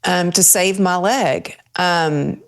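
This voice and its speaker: Low-voiced woman telling her story. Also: slow. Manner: earnest storytelling, acting out her own thoughts. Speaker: guest. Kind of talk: personal story in a podcast interview.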